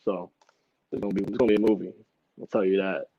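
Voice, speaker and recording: A man's voice: low-pitched, steady tone, fast, no room sound. A man chatting as a rapper on a podcast, laid-back and full of slang, laughing often. The room is dry and dead. The recording is dull and lo-fi. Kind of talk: casual chat.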